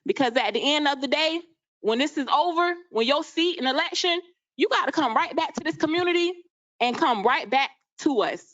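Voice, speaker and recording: A woman's voice: high-pitched, animated, normal speed, fairly bright tone. A woman giving an angry public comment at a council meeting, accusing and confrontational. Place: city council chamber. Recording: dull lo-fi meeting audio.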